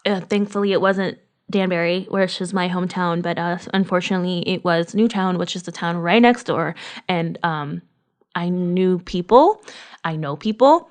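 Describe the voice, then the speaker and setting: A woman's voice: on the low side, moderate pace, smooth. A woman in her thirties from Connecticut, co-hosting a podcast in casual chat, speaking emotionally and swearing freely. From Connecticut, USA. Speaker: podcast co-host.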